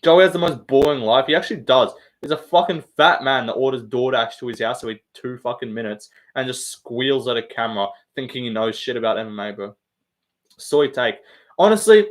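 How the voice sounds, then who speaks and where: A man's voice: medium pitch, a little fast. A man hosting a casual live stream, bantering with the chat, swearing often and laughing.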